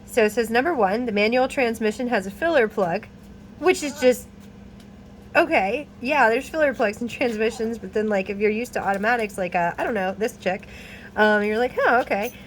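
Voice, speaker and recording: A woman's voice: on the high side, normal speed. Woman doing a diy truck repair vlog, laughs a lot, kinda exasperated, faint noise behind. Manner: chatty and animated, laughs often, exasperated asides. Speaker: DIY car repair vlogger. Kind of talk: casual how-to explanation, reading a repair manual aloud.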